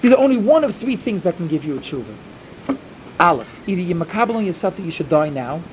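A man's voice: sits high, sing-song, a little hiss or hum, rough recording. A man playing a stern old rabbi scolding. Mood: solemn. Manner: scolding, slow and forceful. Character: stern old male rabbi, harsh and commanding.

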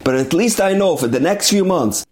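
A man voicing an earnest young rabbi explaining himself slowly and from the heart. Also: a little high, lively intonation, a little mellow, voice pushed up, natural voice. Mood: heartfelt. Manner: slow, heartfelt.

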